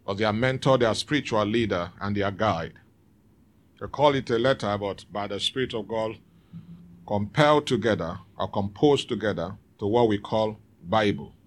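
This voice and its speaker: A man's voice: fairly low pitch, normal speed. A man preaching a sermon in church, calling out to the congregation for responses. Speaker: pastor.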